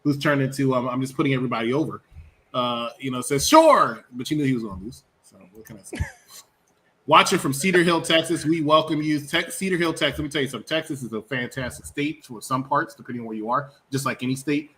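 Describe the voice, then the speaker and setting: A man's voice: mid-range voice, a little fast. A man co-hosting a wrestling review show, rambling and joking in casual chat, with a faint hum of background noise. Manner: rambling, animated, jokey with mocking impressions.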